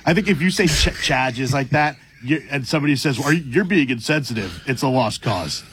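A man's voice: mid-range voice, lively intonation, moderate pace, a bit bright, slight background noise. An older man, a grandfather, chatting casually and with amusement as co-host on talk radio. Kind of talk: casual chat.

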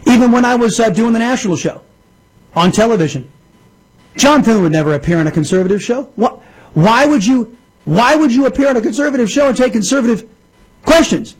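A man's voice: very high-pitched, lively intonation, fairly quick, breathy edge, low-quality recording. A man hosting a political talk radio show, ranting angrily with frequent restarts. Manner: angry, ranting, with many restarts. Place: radio studio.

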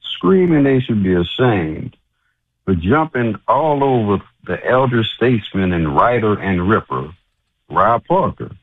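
A man's voice: lowish voice, big pitch swings, unhurried, no room sound. A man calling in to a radio show, indignant and complaining. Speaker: caller. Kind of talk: call-in rant. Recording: tinny phone line.

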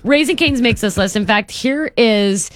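A woman co-hosting a radio show in casual chat, reading out quotes with animated delivery. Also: fairly high pitch, a little slow, no echo, clean studio sound. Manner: chatty, reads quotes aloud with animated delivery.

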